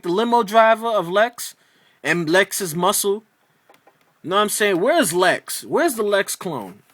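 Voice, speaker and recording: A man reviews a TV episode in an exasperated, profane ramble full of restarts. His voice sits high and leaps around with animated swings. The sound is dry and close. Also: no echo. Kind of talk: casual video review rant.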